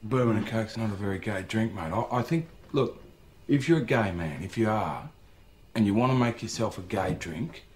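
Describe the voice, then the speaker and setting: A man's voice: fairly low pitch, expressive, normal speed, lightly acted. Guy playing a sly aussie crook needling his brother, sing-song wheedling voice, noisy film clip. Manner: wheedling, falsely caring. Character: menacing manipulative older criminal brother, man. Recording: film clip with clear background noise.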